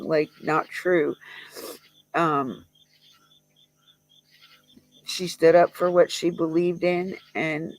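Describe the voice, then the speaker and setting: A grieving livestreamer who talks in a halting, rambling way, with many fillers and restarts, recorded on a close mic. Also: mid-range voice, creaky, no room sound, poor audio. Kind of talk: emotional memorial livestream talk.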